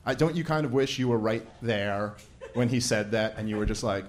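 A man's voice: medium pitch, fairly quick, noisy background. Sarcastic man doing stand-up. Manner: sarcastic, rambling, laughing at his own jokes. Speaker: stand-up comic opening an event. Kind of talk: stand-up comedy set. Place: event stage with a live audience.

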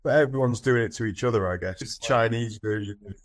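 A man's voice: mid-range voice, fast, dry recording. A man joining a casual podcast chat with offhand, joking asides.

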